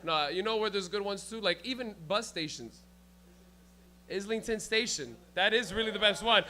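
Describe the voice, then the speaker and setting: A young man with a high, bright, pushed voice does loose, profane stand-up in a comedy club before a live audience. His delivery is brisk with lively intonation as he riffs with the crowd and laughs at his own bits.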